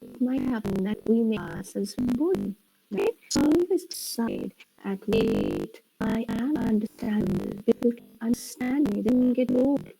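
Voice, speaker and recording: A woman's voice: fairly high pitch, huge pitch swings, unhurried, vocal fry, music in the background, poor audio. A woman with an Indian English accent giving a classroom lecture on speaking skills. She explains each point, repeats it, and keeps checking in with "right?" and "okay?". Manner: explains and repeats, asks "right?" after each point, slips into Hindi and Bengali. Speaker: teacher.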